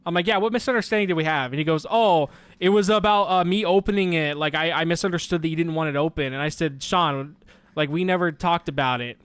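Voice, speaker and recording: A young man streaming tells a profane, animated story, quoting dialogue back and forth. His voice is a little high and fairly quick, with a clear, resonant tone and no room sound.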